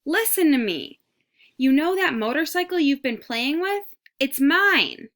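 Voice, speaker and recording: A woman voicing a small, eager male mouse who pleads in a high, excited voice. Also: normal speed.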